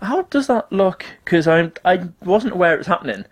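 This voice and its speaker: A man's voice: sits high, expressive, normal speed, background noise. A man, co-hosting a podcast in teasing, chatty casual banter full of fillers. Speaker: podcast co-host.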